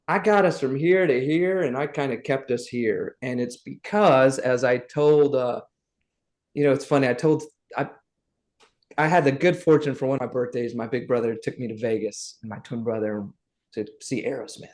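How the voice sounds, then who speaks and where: A middle-aged man from the South, guesting on a podcast and telling his stories in a lively, animated way. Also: mid-range voice, normal speed. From Southern United States. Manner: lively anecdotes, acts out the people he quotes. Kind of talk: animated storytelling.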